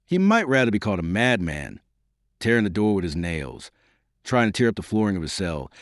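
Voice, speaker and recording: A man reads a classic novel aloud as an audiobook narrator, with a measured, dramatic delivery. His voice is low, yet his intonation rises and falls with lively range. The sound is dry and close, without room echo. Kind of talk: scripted narration.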